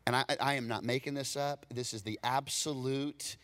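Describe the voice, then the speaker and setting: A man preaching a storytelling sermon, animated, acting out dialogue and repeating words when excited. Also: medium pitch, normal speed. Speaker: pastor.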